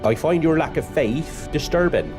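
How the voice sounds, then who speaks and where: Darth Vader, as a man puts him on, gruff Somerset drawl. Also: on the high side, lively intonation, moderate pace, over music, voice pushed up, close to an everyday voice. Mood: menacing. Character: Darth Vader as a grumpy West Country man.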